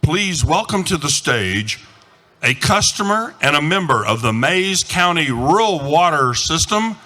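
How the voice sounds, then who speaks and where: A male announcer introduces a speaker with slow, drawn-out words. His tone is bright and lively and rises and falls widely. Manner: slow booming announcer delivery. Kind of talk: stage introduction.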